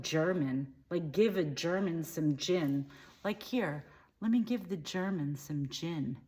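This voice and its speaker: In a mid-range voice close to her everyday one, the woman continues as the dim-witted, bigoted satirical character. She rambles on, mishears words, and keeps flitting between tangents.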